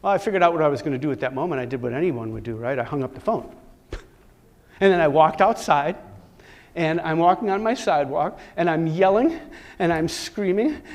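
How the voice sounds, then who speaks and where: Expressive male conference storyteller, higher voice. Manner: dramatic, joking storyteller who acts out conversations. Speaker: conference speaker. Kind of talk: personal storytelling talk. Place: conference stage.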